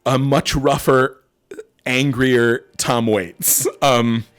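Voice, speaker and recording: A middle-aged man hosting a casual gameplay stream, talking excitedly, swearing and laughing. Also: medium pitch, extremely slow, faint music behind. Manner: animated, swearing, bursts of laughter, reading aloud. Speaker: streamer host.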